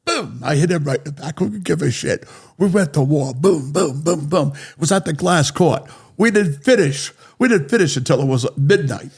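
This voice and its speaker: A man telling a story in a blunt, profane, animated way as an interview guest. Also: fairly high pitch, normal speed, creaky, husky. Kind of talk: casual storytelling.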